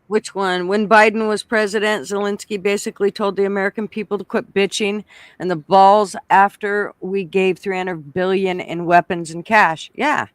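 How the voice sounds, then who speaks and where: A man's voice: high voice, flat delivery, normal speed, clear, resonant tone, no room sound. A man co-hosting a casual political chat, talking bluntly and with plenty of profanity. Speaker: podcast co-host.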